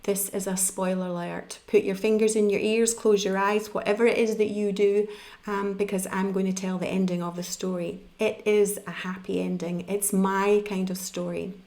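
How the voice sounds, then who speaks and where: A woman's voice: medium pitch, little pitch movement, moderate pace, a little mellow. Woman preaching a conversational sermon. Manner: conversational, explanatory Bible teaching.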